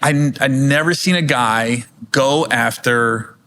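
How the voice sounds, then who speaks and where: A man's voice: medium pitch, slow, bright, forceful tone, slight background noise. A middle-aged man, a comedian guest, telling stories in casual chat, acting out other people's lines in raised voices and swearing freely.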